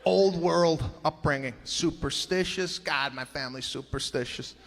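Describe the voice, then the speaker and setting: A man doing a stand-up comedy routine, telling family stories in an animated, exaggerated way. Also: fairly high pitch, measured pace, vocal fry.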